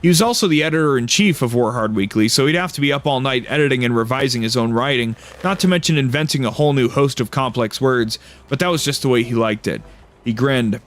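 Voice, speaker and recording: A man's voice: medium pitch, fast talker. Playful man reading a game story aloud. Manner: playful, dry storytelling with casual asides. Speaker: game streamer.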